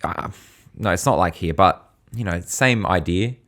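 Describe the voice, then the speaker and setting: A man's voice: deep voice, measured pace, fairly bright tone. An Australian man co-hosting a podcast, telling rambling stories in casual slang, full of fillers. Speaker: podcast co-host.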